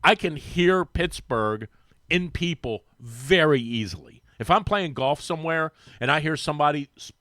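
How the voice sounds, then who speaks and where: A man chatting casually as a guest in a radio studio, telling animated stories with frequent restarts. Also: fairly high pitch, moderate pace, no room sound. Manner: animated storyteller, mimics voices, lots of restarts. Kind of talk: casual sports radio chat. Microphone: studio microphone.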